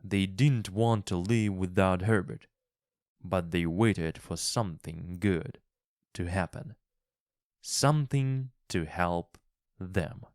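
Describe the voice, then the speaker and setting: A man slowly reading a graded English story aloud, clearly enunciating each phrase. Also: deep voice, a little mellow, dry recording, clean studio sound. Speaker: narrator of a graded English reader. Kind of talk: slow, expressive storybook reading.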